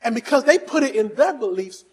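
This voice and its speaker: A male pastor preaching a fervent sermon, dropping to soft asides and then rising to shouting as he urges on the congregation. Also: extremely high pitch, expressive, a little fast, husky, rough recording. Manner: exhorting the congregation.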